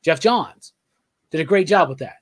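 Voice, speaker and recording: Excitable guy going on about comics, kinda high voice, keeps saying right?. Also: normal speed. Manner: enthusiastic, rambling with restarts and frequent "right?". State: drinking beer while talking. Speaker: podcast co-host. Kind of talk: casual comics chat.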